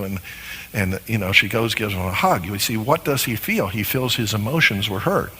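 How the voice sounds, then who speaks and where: Man giving a marriage talk, husky forceful voice, big echoey hall. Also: medium pitch, lively intonation, normal speed. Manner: asks the listeners rhetorical questions. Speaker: marriage teacher. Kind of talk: lecture on marriage. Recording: long hall reverb.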